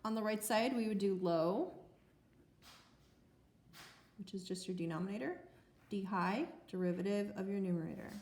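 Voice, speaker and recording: A woman's voice: medium pitch, moderate pace, pauses often, darkish tone. A woman teaching math in a recorded lecture, chatty and playful, poking fun at herself with filler ums. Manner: chatty, playful, self-mocking. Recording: roomy echo.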